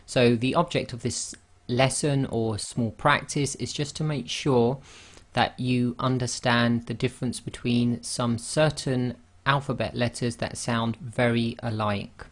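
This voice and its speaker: Slow, careful male Quran recitation tutor. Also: mid-range voice, fairly even intonation. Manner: slow, careful explanation with drawn-out demonstration sounds. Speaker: Arabic pronunciation teacher. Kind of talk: online lesson.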